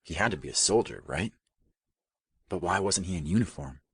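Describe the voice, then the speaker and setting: A man narrating an audiobook in a steady, even storytelling manner. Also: low-pitched, moderate pace, husky, no room sound, studio quality. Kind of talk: scripted narration.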